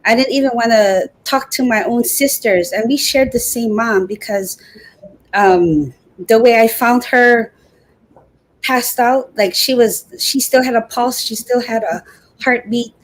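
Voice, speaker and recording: A middle-aged woman speaks earnestly over a video call, her voice sitting a little high. She talks with open emotion and sometimes halts mid-sentence. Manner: earnest, emotional, halting at times. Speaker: guest, Air Force veteran. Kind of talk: personal interview talk.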